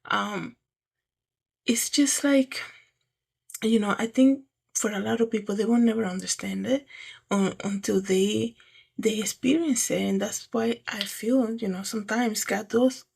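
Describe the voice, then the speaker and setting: A woman's voice: mid-range voice, a little slow, vocal fry, a little mellow, breathy edge. A woman hosting a casual faith talk, chatty and rambling, often checking in with the listener. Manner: chatty, rambling, frequent "right?" and "you know". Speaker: host.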